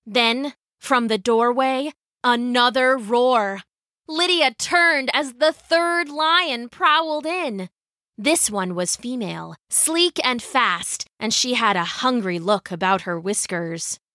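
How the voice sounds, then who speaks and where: A woman narrates a scripted children's story in a measured, vivid way. Her voice sits a little high with a bright tone, and she takes her time over the words. The recording is close and dry. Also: dry recording.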